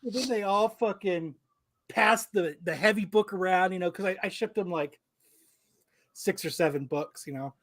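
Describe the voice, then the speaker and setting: A man co-hosting a podcast, telling a story in a casual, animated way, swearing and acting out both sides of the conversation. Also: high voice, normal speed. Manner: animated, profane, acts out quoted exchanges. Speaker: podcast co-host.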